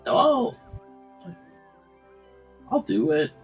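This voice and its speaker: A man's voice: extremely slow, loud music behind the voice, rough recording. A man playing his character at a tabletop game, talking hesitantly with many fillers. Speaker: player.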